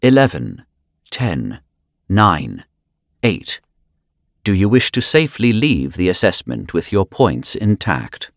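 A man's voice: low voice, wildly swooping pitch, slow pace, creaky, pauses often, no echo, studio quality, heavily acted. A man voicing a game system prompt that counts down and asks a question. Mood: announcing. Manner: announcing, counting down.

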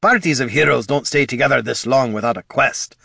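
A man's voice: mid-range voice, fairly quick, creaky, bright, forceful tone, husky, no room sound, studio quality, pitched above the performer's own voice, heavily acted. A man voicing a blunt, folksy veteran adventurer who worries about his party. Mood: earnest.

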